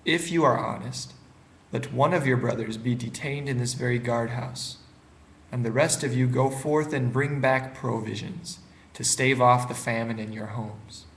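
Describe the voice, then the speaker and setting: A man reading the part of a stern, powerful man who tests his brothers, in a measured, grave way. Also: medium pitch, fairly even intonation, a bit bright, reverberant, rough recording.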